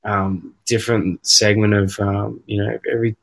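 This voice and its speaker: A man's voice: lowish voice, little pitch movement, moderate pace, gravelly. A man hosting a podcast, casual, blunt and opinionated, with some swearing. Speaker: podcast host.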